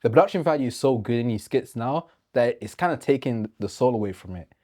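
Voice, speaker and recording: A man co-hosting a casual chat about film and celebrity news, easygoing and quick with agreeing yeahs. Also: medium pitch, animated, warm tone. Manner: easygoing, lots of yeahs and restarts. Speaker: co-host.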